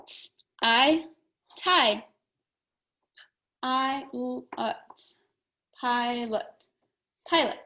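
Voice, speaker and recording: A woman teaching a phonics lesson to young children, slowly and clearly sounding out letters and words. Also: fairly high pitch, fairly bright tone, a little hiss or hum, low-quality recording.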